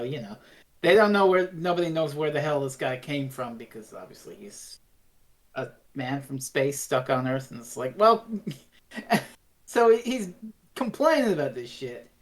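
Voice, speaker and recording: A woman with a very low voice co-hosts a casual review chat. She retells scenes in an animated, loose way and swears freely. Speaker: podcast co-host.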